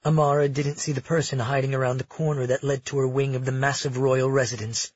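A man narrating a fantasy audiobook in a measured, even storytelling manner with a husky voice. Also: medium pitch, lo-fi sound.

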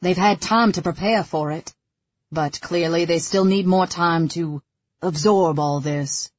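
A woman narrator voicing a commanding middle-aged father with firm, measured speech, her own husky voice barely changed. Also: lowish voice, muffled recording. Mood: calm.

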